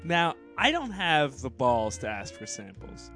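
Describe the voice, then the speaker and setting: Animated rambling man, lively pitch. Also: measured pace, faint music behind. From United States. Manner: animated, swears, rambling storyteller. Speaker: podcast co-host. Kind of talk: casual comedic chat.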